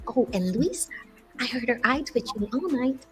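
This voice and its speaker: A woman doing a hushed secretive young woman. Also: fairly high pitch, lively intonation, normal speed, faint music behind, voice pushed up, natural voice, poor audio. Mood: teasing. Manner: soft, confiding delivery.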